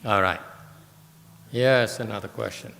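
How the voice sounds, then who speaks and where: Slow gravelly Buddhist teacher. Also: male voice, fairly low pitch, fairly bright tone, in a large hall. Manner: slow, deliberate, explaining with emphasis. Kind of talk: Dharma lecture with questions. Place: meditation hall.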